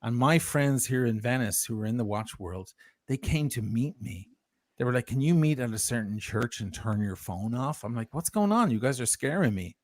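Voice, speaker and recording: A man's voice: medium pitch, normal speed, no echo, studio quality. A man telling a heated, profane story of grievance as a guest on a livestream. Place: lives in Italy.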